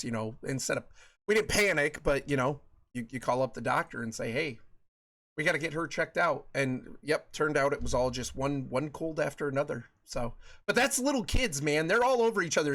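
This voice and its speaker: A man's voice: fairly high pitch, a bit bright. A man in his thirties hosting a live game stream, chatting casually with his viewers in a rambling way, with plenty of repeats and fillers. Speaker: streamer host.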